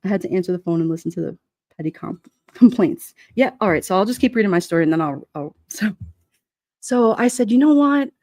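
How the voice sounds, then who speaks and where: A woman's voice: on the low side, a little fast, a little mellow, no room sound. Woman, middle-aged, New York accent, casual livestream storytelling, laughs a lot, acts out quotes, dry close sound. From Brooklyn, New York. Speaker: livestream vlogger.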